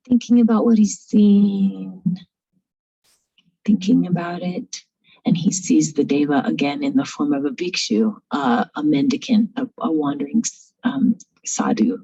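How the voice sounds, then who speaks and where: Husky low-voiced woman telling a story. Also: lo-fi sound. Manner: animated, informal, many fillers. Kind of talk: spoken storytelling.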